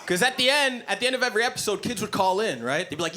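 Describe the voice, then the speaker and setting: A man doing a stand-up comedy set in a club, blunt, profane and animated. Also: sits high, rapid-fire. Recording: live comedy club, noisy ambience.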